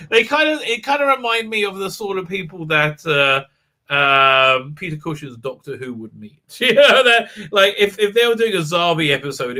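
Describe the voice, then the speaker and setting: A man's voice: on the high side, bright, forceful tone. A man hosting a live stream, recapping a show in a sarcastic, mocking way with frequent laughs.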